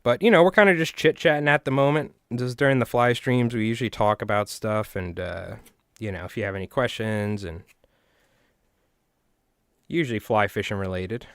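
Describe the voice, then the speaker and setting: A man, chatting in a rambling, animated way to his viewers while tying flies on a live stream. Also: fairly low pitch, normal speed, clear, resonant tone, no echo, clean studio sound. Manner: rambling, animated, talks to chat.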